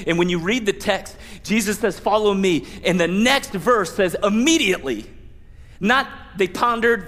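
Guy pastor preaching, high voice, chatty and animated, asks the crowd questions, big echoey church. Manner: conversational, animated preaching with mock prayers and rhetorical questions. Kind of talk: sermon. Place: church sanctuary.

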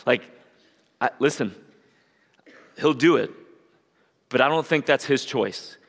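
Bright-voiced pastor preaching in a church hall. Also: male voice, medium pitch, animated, normal speed, pauses often. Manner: emphatic, repetitive, conversational. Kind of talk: sermon. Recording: long church hall reverb.

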